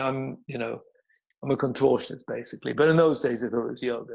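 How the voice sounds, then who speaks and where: Blunt, gravelly man storyteller. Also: mid-range voice, low-quality recording. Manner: blunt, swearing, storytelling with repeats. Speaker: yoga teacher and guest. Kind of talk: casual interview chat.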